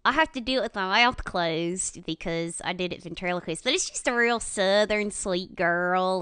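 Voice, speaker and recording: A woman guest talks candidly in a relaxed podcast chat, laughing often. Her voice sits at an ordinary pitch. The sound is dry and close to the mic. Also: moderate pace, hardly any pauses, clear, resonant tone, no room sound. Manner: giggly, candid. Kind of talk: casual chat.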